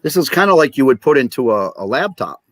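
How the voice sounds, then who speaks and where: A man's voice: mid-range voice, sing-song, fast. A man chatting on a video call as a record collector, rambling and indignant about prices. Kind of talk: casual video-call chat.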